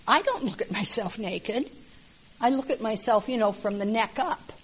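A woman's voice: on the high side, animated, normal speed, slightly rough, low-quality recording. An older woman from the American Midwest gives a candid, wry personal testimony at a support group meeting, with many filler words. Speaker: support group member sharing.

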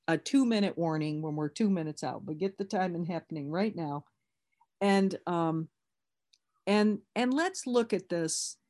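A woman's voice: on the low side, a little mellow. A woman leading an online recovery workshop, talking candidly and conversationally with many restarts.

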